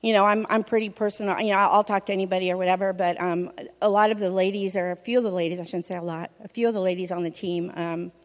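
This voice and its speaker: A woman from a church sharing her testimony in a conversational, expressive way, often saying "you know". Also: medium pitch, fast talker, few pauses. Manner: fills speech with "you know", vivid and expressive. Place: church hall. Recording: reverberant hall.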